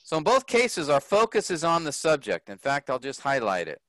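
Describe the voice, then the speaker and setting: A man teaching a grammar lesson to a group, slow and patient, often checking that the class follows. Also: fairly high pitch, huge pitch swings, fairly bright tone, dry recording. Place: workshop room.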